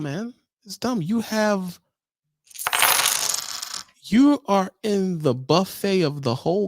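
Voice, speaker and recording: A man's voice: on the high side, dry recording, studio quality. A man who trains truck drivers, ranting and lecturing in a casual vlog with slang, exasperated and preachy.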